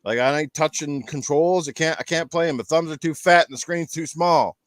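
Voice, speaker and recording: A man's voice: on the high side, fairly quick, dry recording, clean studio sound. A Canadian man hosting a casual gaming podcast panel, rambling into joking rants. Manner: rambling, jokey ranting. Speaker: podcast host.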